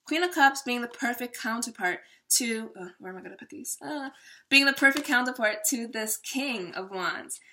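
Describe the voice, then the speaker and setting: Woman, tarot reader, casual reading to camera, bright forceful tone, chatty, laughs a lot. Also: a little high, animated, normal speed. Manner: chatty and laughing, slipping into voices.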